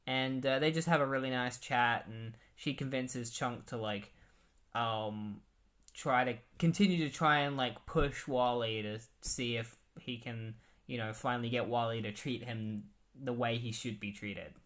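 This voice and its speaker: A man talks through comic book plots in a loose, casual recap. His delivery rambles and leans heavily on fillers. His voice sits at a middle pitch for a man. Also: steady tone, a little slow, a bit bright.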